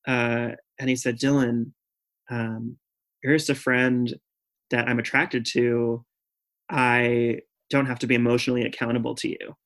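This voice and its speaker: A man's voice: medium pitch, level tone, measured pace, fairly bright tone. Candid man telling a personal story. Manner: chatty, full of "like" and "um" fillers; earnest and candid.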